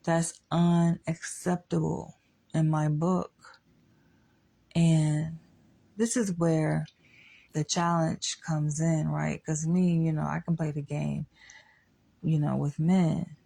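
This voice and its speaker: Young woman vlogging, low gravelly voice, slow and frank, swears a lot. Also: level tone, warm tone. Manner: blunt, swears freely, frank opinions. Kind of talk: candid monologue.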